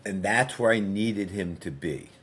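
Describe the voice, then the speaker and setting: A man, a podcast guest and fitness coach, telling a story in a relaxed, conversational way and acting out dialogue as he goes. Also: fairly low pitch, unhurried, a little hiss or hum. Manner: frequent fillers and restarts.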